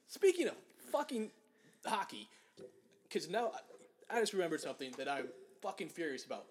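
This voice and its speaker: High-voiced man ranting angrily. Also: big pitch swings, brisk, long pauses. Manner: angry, profane ranting, mocking put-on voices. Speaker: podcast co-host. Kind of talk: casual chat, profane sports rant.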